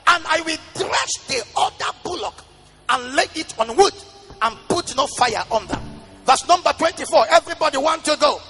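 A male pastor preaching a sermon, reading scripture in a sing-song chant and breaking into shouted declarations. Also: extremely high pitch, lively intonation, normal speed. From Nigeria. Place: large church hall. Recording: reverberant church hall with music behind.

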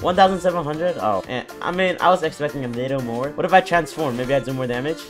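A young man giving casual gameplay commentary, excitable and quick to react, often repeating words and exclaiming. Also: fairly high pitch. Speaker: gaming YouTuber. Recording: faint background game music.

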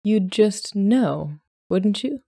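A woman's voice: medium pitch, animated, extremely slow, creaky, dark tone, no echo, clean studio sound, pitched above the performer's own voice, full character voice. A woman voicing an impulsive, bubbly young lady of the Regency era, speaking eagerly.

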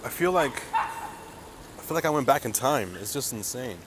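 A young man live-streams a mobile game outdoors on a city street, with heavy background noise around him. His medium-pitched voice is expressive and unhurried as he chats to viewers in a hyped, slangy way, calling everyone dude and man.

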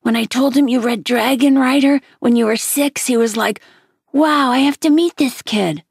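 Woman doing a soft, patient mom talking her kid through it, a bit raspy. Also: high-pitched, moderate pace, no room sound, studio quality, pitched above the performer's own voice, heavily acted. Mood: soothing. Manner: soothing, reasoning. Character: gentle, firm mother of a boy.

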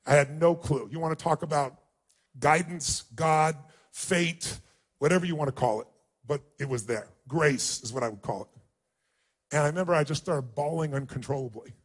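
Emphatic male storyteller, high voice. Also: normal speed. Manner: emphatic, emotional storytelling with acted-out quotes. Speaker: motivational speaker. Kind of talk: personal storytelling speech.

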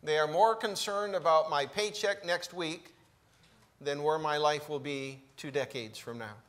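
A man preaching a sermon in a church, slow and emphatic, with deliberate pauses between phrases. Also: a little high, fairly bright tone. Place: church sanctuary.

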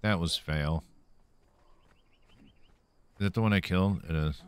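A man's voice: low-pitched, a little slow, a little hiss or hum. A man streaming a video game, playfully talking to himself and taunting the enemies he meets, a little caffeinated. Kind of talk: let's-play gameplay commentary.

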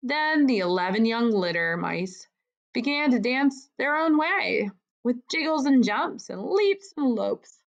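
A woman narrating a children's storybook aloud in a measured, gentle way, on a dull lo-fi recording. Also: on the high side, animated, gravelly.

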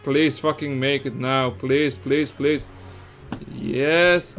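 A young Belgian man with Dutch as his first language, giving excitable, swear-heavy let's-play commentary with lots of laughing. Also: on the high side, slow pace, soft background music. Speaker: gaming streamer.

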